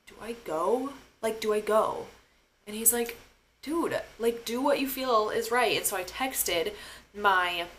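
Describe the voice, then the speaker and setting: A woman's voice: mid-range voice, pushed and bright. Young woman, podcast host, casual storytelling, emotional, filler-heavy, faint background noise. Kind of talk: personal storytelling.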